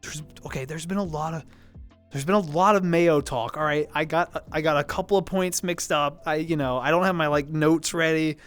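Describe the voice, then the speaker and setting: A man with a fairly high, smooth voice, chatting casually on a livestream as he answers viewers. He rambles and restarts his sentences, apologizes often, and laughs easily. Soft music plays faintly behind him. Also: steady tone. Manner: rambling, self-correcting, quick to apologize and laugh. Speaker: livestreamer reading chat.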